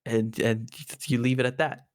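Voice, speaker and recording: A man co-hosting a podcast in casual chat, animated and joking, swearing casually. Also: medium pitch, moderate pace. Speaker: podcast co-host.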